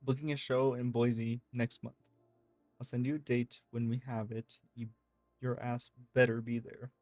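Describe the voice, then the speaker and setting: A man's voice: medium pitch, little pitch movement, measured pace, a little mellow, dry recording, faint music behind. Man reading game messages, dry sound. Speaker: gaming streamer.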